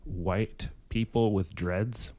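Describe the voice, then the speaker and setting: A man's voice: fairly low pitch, steady tone, takes it slowly, dark tone, no room sound. A man co-hosting a podcast in casual chat, with dry, blunt jokes.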